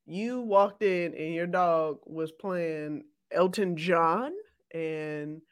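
A woman's voice: lowish voice, clear, resonant tone, no room sound. A woman co-hosting a podcast in casual chat, incredulous and teasing. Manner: incredulous, teasing, drawn-out delivery. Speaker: podcast co-host.

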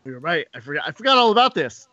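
A man co-hosting a podcast in casual chat, animated and often repeating words as he starts a thought. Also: fairly high pitch, fast, dry recording. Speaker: podcast co-host. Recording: dull lo-fi sound.

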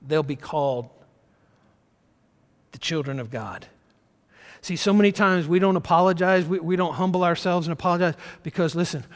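A man preaching a sermon in an earnest, conversational way, swinging between loud emphasis and soft, quiet stretches. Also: fairly high pitch, long reverb tail. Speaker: pastor.

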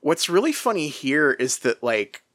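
An animated podcast co-host who swings up and down in pitch while chatting about a book. The speech is full of laughs, fillers and restarts, recorded dry and close with no room sound. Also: measured pace, no room sound. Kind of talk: casual book discussion.

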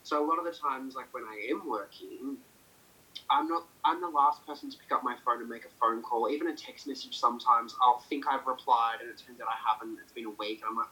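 A man being interviewed, talking in a relaxed, rambling way with many fillers. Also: mid-range voice, brisk, low-quality recording. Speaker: interview guest. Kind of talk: casual conversation.

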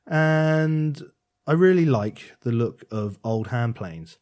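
A man's voice: mid-range voice, animated, darkish tone. A man in casual chat, teasing his friend and chipping in often. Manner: teasing, quick chatty interjections. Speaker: podcast co-host, musician.

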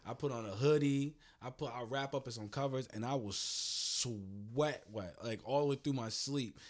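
A man in casual podcast chat, telling stories loudly and animatedly and swearing a lot. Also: mid-range voice, moderate pace.

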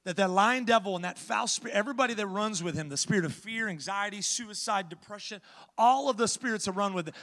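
A man pastor from the United States preaching a sermon, telling a story with animation and then building to loud exhortation. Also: high voice, fast talker, long reverb tail.

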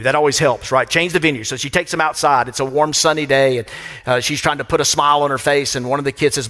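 A middle-aged pastor gives an emphatic sermon from a church pulpit, repeating phrases for weight. His voice is mid-range and steady, with a sharp tone and a slightly fast pace. The sanctuary lends it the long reverb of a church hall.

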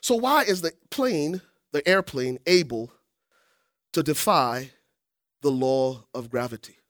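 A man preaching a sermon as the pastor, with animated call-and-response and frequent calls out to the congregation. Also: on the high side, slow pace, dry recording, studio quality.

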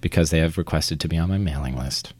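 A man's voice: very deep voice, fast, a little mellow, no echo. A young man from Vermont who works in theater, talking casually in an interview, chatty and self-deprecating, often trailing off and restarting. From Vermont, United States. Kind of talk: conversational interview.

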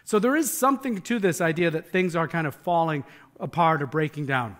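A man's voice: a little high, fairly quick, fairly bright tone. A man preaching a conversational sermon as pastor, earnest and emphatic, often repeating words as he builds his points.

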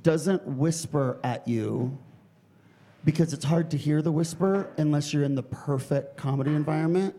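A man judging at a live comedy show in a club, wry and measured, telling stories and giving notes. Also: fairly high pitch, mellow.

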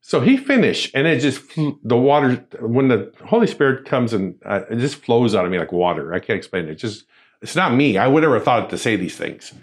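A man from a church ministry telling a personal story in conversation, acting out what people said. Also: a little fast. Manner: animated, acts out quoted voices with big pitch jumps.

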